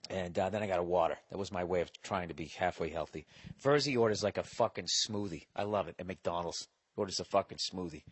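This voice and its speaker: A man's voice: low-pitched, fast talker, breathy edge, no room sound. Profane man telling a story, dry mic. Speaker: podcast host. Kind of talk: casual comedic monologue.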